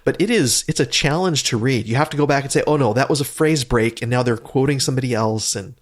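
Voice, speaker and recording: A man's voice: medium pitch, quick pace. A man co-hosting a casual book podcast. He explains his views hesitantly, restarting his sentences as he works out what to say. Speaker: podcast co-host.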